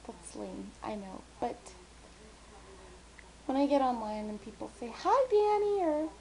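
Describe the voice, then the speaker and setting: Speaking at a measured pace in a mid-range voice, a young woman vlogs over poor audio with a little hiss or hum. She rambles with lots of fillers, talks a lot, pokes fun at herself, sometimes mumbles, and does her friends' lines in bright, squealy voices.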